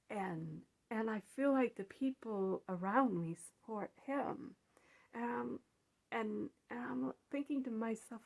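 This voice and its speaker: A woman in a personal reflective monologue, speaking haltingly with restarts and sometimes dropping to a soft near-whisper. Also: fairly high pitch, gravelly, husky. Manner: halting, with repeated words and restarts. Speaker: vlogger.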